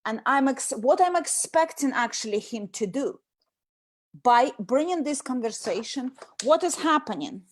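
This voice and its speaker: High-voiced animated woman talking. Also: a little slow. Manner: animated, acts out nagging quotes. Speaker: host. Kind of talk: casual talk on communication.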